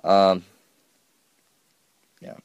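A man's voice: drawn-out words, dry recording. A man giving casual, rambling game commentary, self-mocking and often stumbling over his words. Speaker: gameplay commentator.

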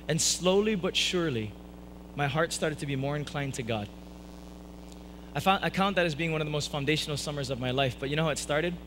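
A young man preaching a sermon, telling a personal story with animated delivery and acting out the voices of the people in it. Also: medium pitch, noisy background. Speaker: pastor. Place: church hall, live stream.

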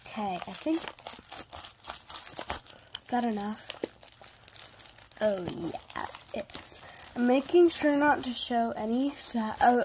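A young girl unboxing a birthday toy in a casual vlog, gushing with excitement and using trendy slang. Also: fairly high pitch, background noise.

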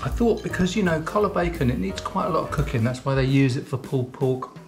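A man's voice: a little high, animated, fast talker, soft background music. A man teaching cookery, chatting casually to the camera while he eats and talking through mouthfuls. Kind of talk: casual tasting chat to camera.

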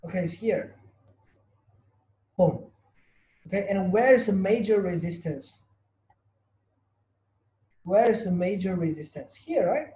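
A man teaches an online trading class, repeating points and firing rhetorical questions at his students. His voice sits high for a man, with a soft, mellow tone. The sound is roomy, with a clear echo. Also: expressive, slow pace, pauses often. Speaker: trading tutor. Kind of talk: online webinar lesson.

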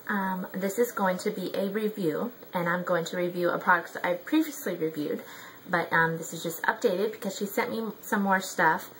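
Chatty young woman with a bright voice. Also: lowish voice, steady tone, normal speed, a little hiss or hum, low-quality recording. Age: young adult. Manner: chatty, rambling, many ums and likes. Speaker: product reviewer. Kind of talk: casual product review vlog.

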